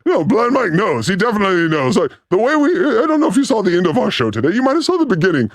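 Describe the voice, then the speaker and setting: A man hosting a casual comedy podcast, animated and joking, often shouting and laughing, close to the mic. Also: high-pitched, quick pace, no echo. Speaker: podcast host.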